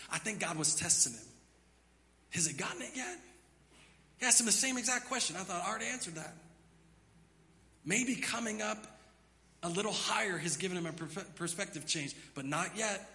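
Male pastor, high bright voice, preaching with big dynamic swings from hushed to emphatic, church hall reverb. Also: a little fast. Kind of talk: sermon. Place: church sanctuary.

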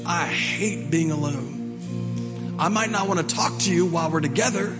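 Preaching conversationally, this male pastor repeats lines to drive them home, his voice on the high side and his pace a little slow. Music plays behind him in a reverberant church hall.

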